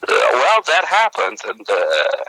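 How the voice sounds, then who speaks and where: Rambling young man, bright dry voice. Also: huge pitch swings, creaky, no echo, poor audio. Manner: rambling, halting storyteller with jumps in pitch. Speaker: podcast co-host. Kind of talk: comedic podcast banter.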